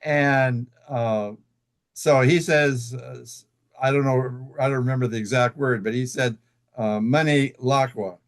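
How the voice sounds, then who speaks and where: A man telling a long personal story as an interview guest, halting, with many fillers and restarts. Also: medium pitch, steady tone. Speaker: guest author.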